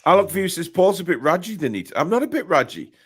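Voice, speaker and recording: A man's voice: sits high, sing-song, fast, fairly bright tone, slightly rough. Geordie man, host of a football chat stream, chatty. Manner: chatty, reads out viewer messages. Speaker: podcast host. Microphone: desk mic, live stream.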